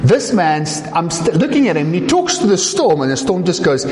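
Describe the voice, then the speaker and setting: A man's voice: high-pitched, very animated, moderate pace, few pauses, a little mellow, in a large hall. A man preaching a sermon, retelling a story dramatically, voicing the people in it and asking the listeners rhetorical questions.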